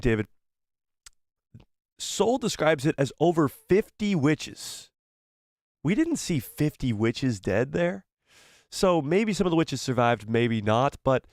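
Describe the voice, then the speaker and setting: A man hosting a live watch-party stream, excitedly reacting and reading viewer messages aloud while he is losing his voice. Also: mid-range voice, no echo, clean studio sound. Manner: excitable, frequent exclamations and quick laughs. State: losing his voice, throat-clearing. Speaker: livestream host.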